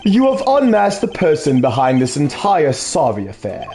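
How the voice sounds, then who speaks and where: A man playing a coldly polite, low-voiced assassin. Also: huge pitch swings, dark tone. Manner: slow, courtly, coldly polite. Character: calm, menacing, polite male assassin. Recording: faint game music behind.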